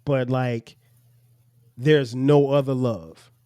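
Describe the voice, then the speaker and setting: A man's voice: medium pitch, fairly even intonation, very slow, dark tone, clean tone, no echo. A middle-aged man hosting a podcast, talking earnestly with his children about parenting, explaining at length with frequent restarts. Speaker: podcast host and father. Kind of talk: reflective family conversation.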